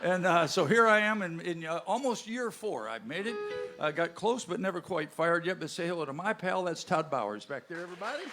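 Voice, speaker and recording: A man's voice: sits high, expressive, brisk, bright, forceful tone. A man hosting as bandleader, introducing the band on stage with folksy, joking banter to the audience at a live music show. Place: live music venue with a crowd. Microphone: stage microphone.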